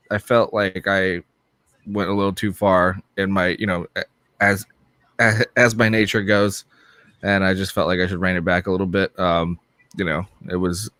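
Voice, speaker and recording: Male co-host, lowish voice, blunt and swearing, dry mic. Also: a bit bright, dry recording. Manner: candid, swears freely. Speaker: podcast co-host. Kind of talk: casual chat.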